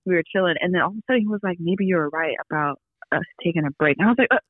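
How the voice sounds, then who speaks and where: A woman's voice: fairly low pitch, animated, rapid-fire, no echo, narrow, tinny audio. Rambling young woman telling a story. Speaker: guest. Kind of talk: casual chat.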